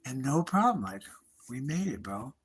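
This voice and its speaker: Big pitch swings mark this man's mid-range voice, delivered at normal speed with a little hiss or hum in the audio. The middle-aged artist streams his drawing while telling rambling, nostalgic stories in profane slang, calling his listener bro and dog and repeatedly trailing off and restarting.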